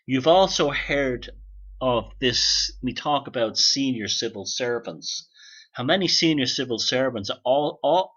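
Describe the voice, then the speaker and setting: Male podcast host, sharp-toned, rambling sardonic monologue, lo-fi sound. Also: medium pitch, husky. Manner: rambling, sardonic, swears casually.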